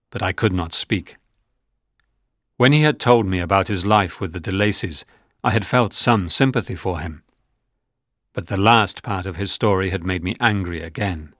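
A man narrating a storybook in a measured, plain way. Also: deep voice, a bit bright, no room sound, studio quality. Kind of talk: storybook reading.

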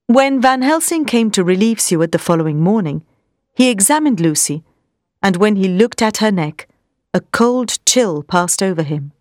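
A woman's voice: mid-range voice, dry recording. Woman reading a storybook, dry sound. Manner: steady, measured. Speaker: narrator.

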